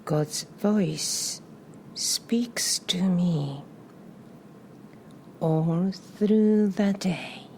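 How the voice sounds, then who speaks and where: A woman leading a guided meditation in a soft voice that often drops to a breathy whisper, repeating short phrases and calm cues with long pauses in between. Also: fairly low pitch, a little hiss or hum. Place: live session in front of a small audience.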